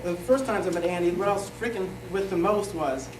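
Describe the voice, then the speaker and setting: A middle-aged man giving a rambling, joking wedding toast, halting often with fillers as he loses his thread. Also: sits high, noisy background. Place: wedding reception hall. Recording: echoey hall from far off, crowd chatter.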